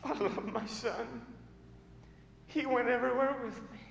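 A man's voice: very high-pitched, steady tone, a little slow, vocal fry, a little hiss or hum, pitched above the performer's own voice, full character voice. A pastor voicing a volatile, grieving tough man. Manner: shouting in anger, then hushed and broken. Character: gruff grieving middle-aged man, volatile temper. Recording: echoey church hall.

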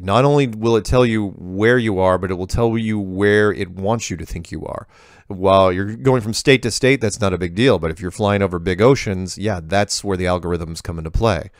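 Gravelly low-voiced man answering emails. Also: no echo, clean studio sound. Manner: digressive, breaks off to comment and correct. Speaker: host answering viewer emails. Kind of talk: casual reading and answering of emails.

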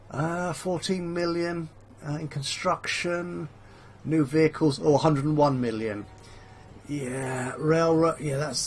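A man's voice: fairly high pitch, a bit bright, breathy edge. A man hosting a let's play, thinking aloud with plenty of fillers in a chatty, self-mocking way. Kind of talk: casual game commentary. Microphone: headphones with a desk mic.

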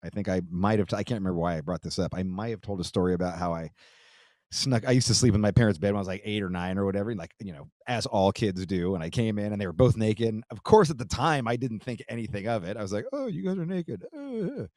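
Chill swear-y podcast guy reading a fan letter, lowish voice, dry close mic. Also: fast talker, a little mellow, no echo. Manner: loose, profane, laughs easily, trailing restarts. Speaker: podcast host. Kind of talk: casual podcast monologue, reading a listener letter.

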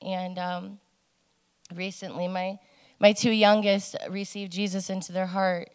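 A woman giving a personal testimony in church, hesitant and earnest, pausing often with ums. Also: mid-range voice, flat delivery, clear, resonant tone. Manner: hesitant, many ums, speaking softly and earnestly. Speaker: congregation member giving a testimony. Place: church sanctuary. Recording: long hall reverb.

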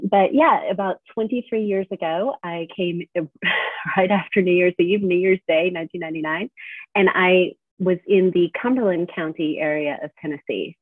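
A woman's voice: lowish voice, dry recording. Friendly woman guest on a tinny line. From New York State, raised in South Florida. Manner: friendly, chatty, laughs easily. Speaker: guest, business owner. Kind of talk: interview answers. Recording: dry, tinny phone-like line.

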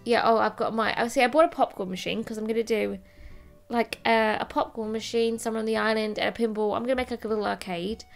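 A woman's voice: a little high, steady tone, quick pace, creaky, faint music behind. A woman giving rambling, chatty, self-deprecating commentary while playing a video game. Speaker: let's play host. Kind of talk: casual gameplay commentary.

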